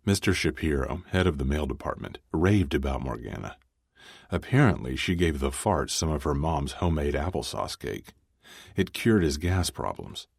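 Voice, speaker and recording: A man narrating a first-person romance audiobook in a measured, dry manner. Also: rumbling low, big pitch swings, vocal fry, slightly rough, no room sound.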